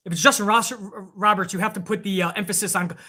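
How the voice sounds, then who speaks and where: A man's voice: high-pitched, fairly even intonation, fast, bright, forceful tone. A man hosting a live wrestling stream, chatting casually and rambling with plenty of swearing while reading viewer donations aloud.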